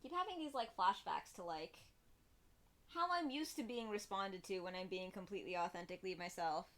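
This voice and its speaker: A young woman streaming live, chatting in a rambling, expressive way to her viewers. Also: medium pitch, fairly quick. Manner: chatty, rambling and expressive, with laughs and quoted voices. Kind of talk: casual live-stream chat.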